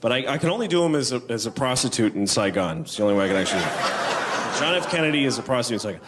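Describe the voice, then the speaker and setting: Offbeat man doing stand-up, very lively. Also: mid-range voice, very fast. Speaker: stand-up comedian. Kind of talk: stand-up set. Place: comedy club stage. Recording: noisy club with loud audience.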